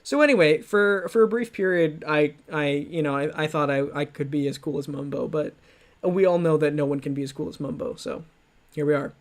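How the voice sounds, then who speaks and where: A man streaming live who keeps circling back on his own words, full of fillers and self-mockery. His voice sits fairly high for a man. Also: a little fast. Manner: rambling, self-mocking, restarts and fillers. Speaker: streamer reacting to his old videos. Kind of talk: livestream commentary.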